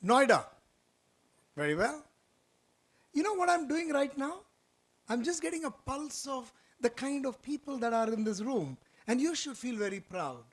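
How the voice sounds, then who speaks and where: A man giving a lively motivational orientation talk in an auditorium, quizzing the audience and telling stories. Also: extremely high pitch, moderate pace. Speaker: orientation speaker.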